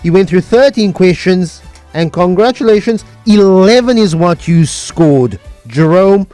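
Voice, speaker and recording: A man co-hosting a live radio quiz, explaining the rules and scores deliberately. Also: high-pitched, lively intonation, warm tone, no room sound, soft background music. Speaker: co-host and scorekeeper. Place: radio studio.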